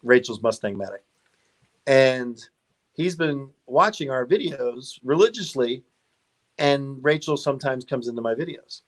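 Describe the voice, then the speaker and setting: A man's voice: mid-range voice, expressive, unhurried. Chatty middle-aged man telling stories. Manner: chatty, laughs often, rambling with restarts. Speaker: podcast guest, car YouTuber. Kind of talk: casual interview storytelling.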